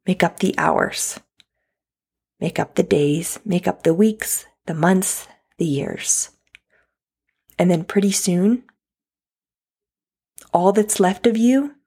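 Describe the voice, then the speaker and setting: A woman's voice: on the low side, gravelly, dark tone, breathy edge. A woman in her thirties talking straight to the listener in an earnest, heartfelt motivational monologue. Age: 30s. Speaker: podcast host.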